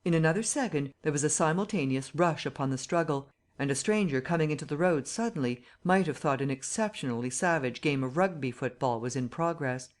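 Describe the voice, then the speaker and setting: An audiobook narrator giving a steady, even reading of a classic novel. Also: medium pitch, fairly quick, hardly any pauses.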